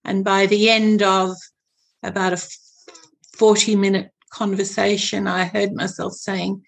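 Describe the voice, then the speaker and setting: A woman guest on a podcast, telling her story in a hesitant way with many pauses and fillers. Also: mid-range voice, steady tone, gravelly. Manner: hesitant, searching for words. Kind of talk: interview storytelling.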